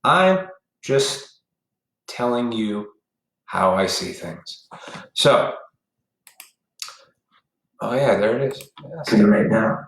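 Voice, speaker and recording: A man's voice: on the low side, animated, slow pace, pauses often, fairly bright tone. A man hosting a casual live stream, ranting bluntly and with profanity straight at his viewers in a preachy tone. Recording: echoey room.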